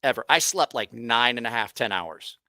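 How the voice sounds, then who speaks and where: A man with a bright, forceful voice tells a loose, cursing story to his viewers. He restarts his sentences often and lets the tale wander. The sound is close and dry, with no room around it. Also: medium pitch, expressive, moderate pace, no room sound. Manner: rambling, profane, frequent restarts. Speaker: host. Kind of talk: casual livestream storytelling.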